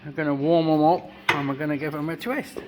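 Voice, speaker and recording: A man in his fifties talks through a motorcycle build in his workshop, salty and rambling, swearing freely as he goes. His voice sits a little high for a man, and soft music plays underneath. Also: steady tone, a little fast.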